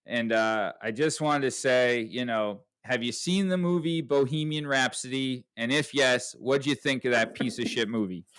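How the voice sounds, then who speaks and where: A man's voice: medium pitch, normal speed, hardly any pauses, fairly bright tone, smooth. A man hosting a podcast, telling a story casually and profanely, tagging lines with "right?". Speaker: podcast host.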